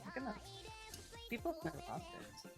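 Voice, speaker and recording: Playful woman with a very lively pitch. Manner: playful, quick asides. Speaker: guest on voice chat. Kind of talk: casual chat. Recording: quiet voice with music behind.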